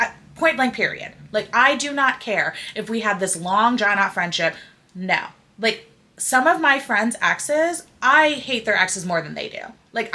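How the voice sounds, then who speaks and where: A young woman hosting a casual pop culture podcast, opinionated and animated, saying "like" constantly. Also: mid-range voice. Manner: animated, opinionated, heavy use of "like". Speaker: podcast host.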